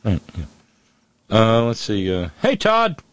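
A man's voice: lowish voice, huge pitch swings, takes it slowly. A man hosting a call-in radio show, talking casually with wry, sardonic asides.

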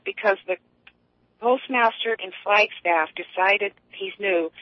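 A woman with a mid-range voice calls in to a radio show for casual chat, telling long, rambling stories full of restarts. The line sounds dull, lo-fi, and dry.

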